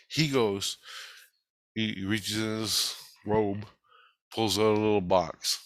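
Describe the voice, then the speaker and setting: A man's voice: lowish voice, level tone, slow pace, pauses often, dry recording. A man in a casual spoken monologue, recounting a spiritual experience in an agitated, rambling way and swearing heavily.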